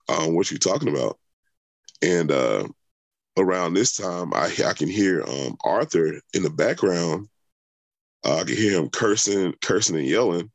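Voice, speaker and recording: Deep-voiced man telling a story. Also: creaky, dry recording. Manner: rambling, many fillers and restarts. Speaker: interviewee. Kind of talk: conversational storytelling.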